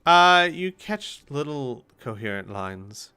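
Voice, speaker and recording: A man running a tabletop game as game master, relaxed and quick to laugh. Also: medium pitch, clear, resonant tone.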